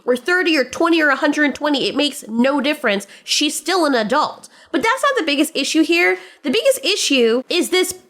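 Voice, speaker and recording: Blunt, high-voiced woman ranting. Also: big pitch swings, brisk, few pauses, fairly bright tone. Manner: blunt, sarcastic and profane. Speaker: commentary channel host. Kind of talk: opinion commentary vlog.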